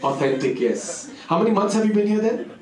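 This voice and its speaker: A man's voice: high voice, very animated, a little fast. A man with an Indian accent doing stand-up crowd work, teasing an audience member in a profane mix of English and Hindi. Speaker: stand-up comedian. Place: comedy club stage. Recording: roomy live sound, mic off at a distance, loud crowd. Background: audience laughing.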